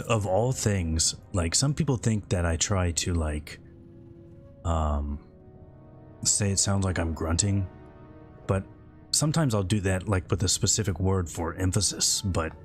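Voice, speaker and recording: A man from the Midwest with a slightly scratchy throat, chatting casually and a bit loudly into a close mic while streaming a game. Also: sits low. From American Midwest. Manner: relaxed, rambling, talks a bit loud into the mic. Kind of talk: casual chat while gaming.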